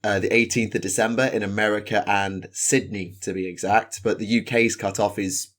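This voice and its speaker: Chatty podcast co-host. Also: male voice, on the low side, flat delivery, normal speed, fairly bright tone. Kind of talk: casual chat.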